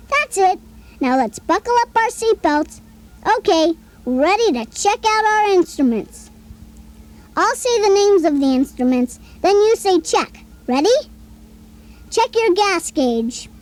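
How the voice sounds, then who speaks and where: Cheerful boy talking toy, very high voice, sing-song, slow and coaxing, children's play-along tape. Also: heavily acted. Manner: chirpy, coaxing, asks the listener questions.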